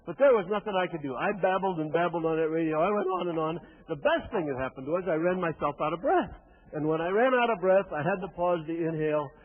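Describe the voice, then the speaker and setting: An older man in his sixties with a somewhat high, husky voice delivers a motivational keynote. He tells his story in vivid first person and throws in wry asides to the crowd. The recording is tinny and lo-fi, like it came through a phone line. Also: fast. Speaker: motivational speaker.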